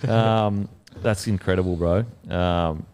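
A man hosts a casual podcast chat with a fairly low-pitched voice. He talks enthusiastically and swears freely as he shares his own thoughts. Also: fairly even intonation, takes it slowly, a little mellow, clean tone. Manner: enthusiastic, swears freely, reacts with short interjections. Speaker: podcast host.

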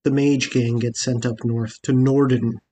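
A man's voice: medium pitch, flat delivery, a little slow, dark tone. Hesitant man chatting wryly. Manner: hesitant, filler-heavy, wry. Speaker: podcast co-host. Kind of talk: casual chat.

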